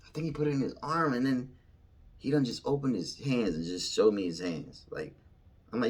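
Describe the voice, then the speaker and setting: A man telling a personal story in casual slang, swinging from loud excitement to hushed whispers. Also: medium pitch, fairly quick, husky. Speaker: storyteller recounting a vision.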